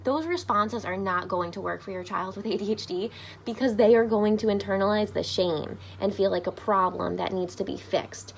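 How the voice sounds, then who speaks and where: A woman's voice: medium pitch, normal speed, gravelly, slight background noise. A woman family therapist, speaking upbeat and informally to parents, with frequent "um" fillers. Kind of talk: informational talk to camera.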